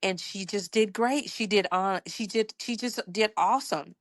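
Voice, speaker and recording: A middle-aged woman from Georgia, a podcast guest telling a workplace story in a lively conversational way. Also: mid-range voice, normal speed, no echo. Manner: animated, acts out quoted dialogue, laughs while telling.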